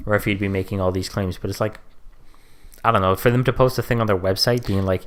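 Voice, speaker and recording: Animated man chatting on a podcast. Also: fast. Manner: animated, jumps up in pitch for mocking quotes. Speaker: podcast co-host. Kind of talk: casual chat.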